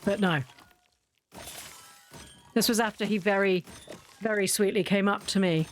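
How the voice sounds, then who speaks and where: A woman's voice: mid-range voice, a little slow. A woman streamer chatting casually during a livestream, rambling through anecdotes.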